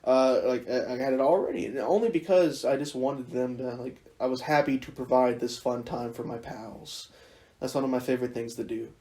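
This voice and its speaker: A teenage man hosting a podcast, chatting in a rambling, animated way and joking at his own expense. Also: mid-range voice, brisk. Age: teens. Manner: rambling, animated, self-mocking. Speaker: podcast host. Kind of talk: casual chat.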